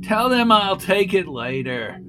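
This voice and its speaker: A man voicing a gruff, blustering inspector. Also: high-pitched, sing-song, a little slow, pushed and bright, faint music behind, pitched above the performer's own voice, exaggerated voice. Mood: brusque. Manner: blustering, exasperated. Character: gruff irritable male inspector.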